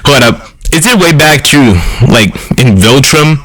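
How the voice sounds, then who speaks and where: A young man roasts a rival during a voice chat debate, keeping up a mocking, needling tone and repeating each accusation several times. His voice sits a little higher than most men's, and the lo-fi online mic captures it. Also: animated, measured pace, fairly bright tone, dry recording. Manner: taunting, repeats his questions over and over. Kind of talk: trash-talk roast on a voice chat.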